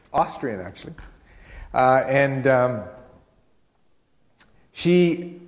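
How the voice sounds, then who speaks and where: A man preaching a sermon as a guest speaker, telling stories earnestly and slowing down for emphasis, in a church hall. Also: medium pitch. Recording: long hall reverb.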